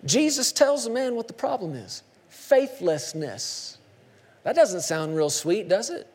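A man with a high-pitched voice preaches a sermon in a church sanctuary, swinging from hushed lines to sudden shouts. His voice rings with the long reverb of a large hall. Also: big pitch swings, unhurried, husky. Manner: emphatic, dramatic swings between hushed and shouted. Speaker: pastor.

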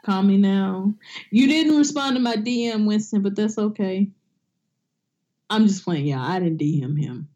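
An animated podcast co-host, a woman, curses freely on a casual comedic show and performs quotes in big, exaggerated voices. Her mid-range voice moves at a moderate pace, and the recording sounds muffled.

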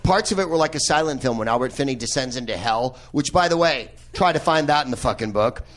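A man's voice: medium pitch, animated, quick pace, fairly bright tone. A man hosting a live podcast in a movie theater, riffing on a film with profane, laughing asides. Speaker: podcast host. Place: old movie theater with audience.

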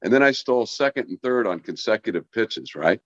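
Telling rambling stories full of restarts, a man who used to play baseball chats casually on a podcast over a dull, dry remote connection. He speaks fairly quickly in a fairly low, expressive voice, with no echo.

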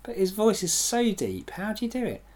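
A man's voice: sits high, huge pitch swings, normal speed, a little mellow. A male radio host in casual on-air chat between tracks, joking and laughing often in teasing banter.

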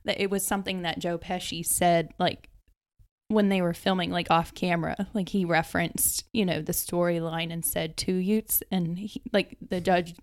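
A woman's voice: on the low side, fairly even intonation, moderate pace. A woman, a guest on a casual movie podcast, sharing trivia in a chatty, hesitant way with many fillers.

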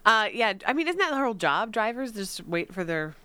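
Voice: medium pitch, very animated, fairly quick, sharp tone, clear, resonant tone, dry recording. A co-host in casual chat who chimes in with short reactions and dry quips.

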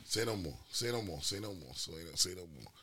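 A man's voice: low-pitched, lively intonation, a little fast, sharp tone, slightly rough. A man co-hosting a podcast in casual banter, repeating catchphrases and laughing often. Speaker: podcast co-host.

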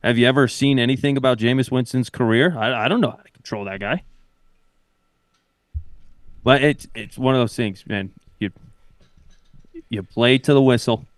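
A man's voice: mid-range voice, moderate pace, pauses often, no echo, clean studio sound. A man co-hosting a podcast in casual sports chat, laid-back and jokey, often saying "like". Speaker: podcast co-host.

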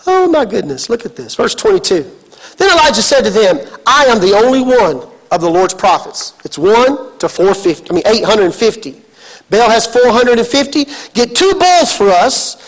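High-voiced, fired-up preacher man. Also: normal speed. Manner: animated, emphatic, joking, builds to shouting. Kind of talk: energetic sermon.

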